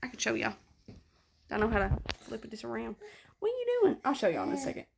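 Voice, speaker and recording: A woman's voice: fairly high pitch, quick pace, gravelly, background noise. A tired young woman, chatting casually and rambling to her vlog audience. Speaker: vlogger.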